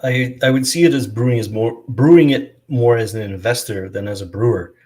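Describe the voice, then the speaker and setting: A man hosting a casual beer chat, talking in a relaxed, conversational way. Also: medium pitch, a little fast. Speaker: host.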